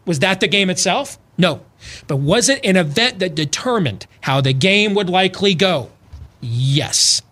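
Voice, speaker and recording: A man co-hosting a political talk radio show, telling a story with acted-out quotes and building to loud, emphatic points. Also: sits high, lively intonation, unhurried.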